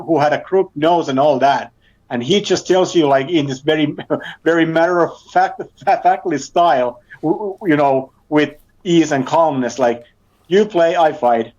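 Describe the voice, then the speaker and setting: Halting man on a dull, lo-fi line. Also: on the high side, a little mellow. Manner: halting, repeats words, laughs between phrases. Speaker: podcast co-host. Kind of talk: casual storytelling chat.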